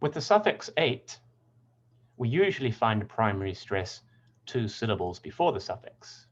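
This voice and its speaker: A man teaching English pronunciation, speaking in clear, deliberate tones and carefully sounding out example words. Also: fairly low pitch, sing-song, lo-fi sound. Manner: clear, deliberate word demonstrations. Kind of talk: scripted lesson narration.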